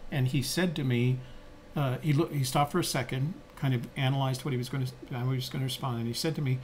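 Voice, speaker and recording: Telling stories in a reflective, chatty manner, an older man co-hosting a podcast speaks fairly quickly in a steady, mid-range voice. Fillers and restarts come up often. The audio carries a little hiss or hum.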